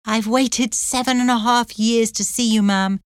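A woman reading as an earnest young man home after years away, in a slow storybook voice. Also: fairly high pitch, steady tone, smooth, no echo, clean studio sound, voice pushed up, close to an everyday voice. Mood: tender. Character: young man, freed convict, bold and tender.

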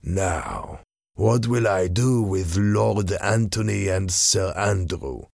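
A man voicing a cunning, cruel masked villain in a storybook reading, slow, menacing and commanding. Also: deep voice, creaky, darkish tone, no room sound, studio quality, heavily acted.

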